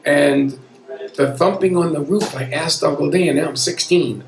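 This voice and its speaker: Gravelly man telling a story in an echoey pub. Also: on the high side, unhurried. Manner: earnest, conversational, wry. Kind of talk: live personal storytelling. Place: pub room at a live storytelling event. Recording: echoey pub room with an audience. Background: audience murmur.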